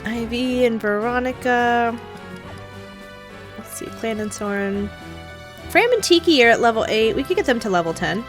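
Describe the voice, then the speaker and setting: A woman's voice: on the high side, animated, moderate pace, long pauses, faint music behind. Chatty young woman playing a game. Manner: chatty, giggly, thinking aloud. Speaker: gameplay streamer. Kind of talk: casual gameplay commentary.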